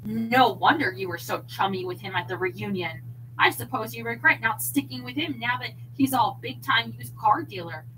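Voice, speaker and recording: A woman's voice: fairly high pitch, moderate pace, sharp tone, recorded from a distance, slight background noise, low-quality recording. A woman reading the part of an indignant middle-aged wife who snaps accusations at her husband. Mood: accusing. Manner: snappish, accusing.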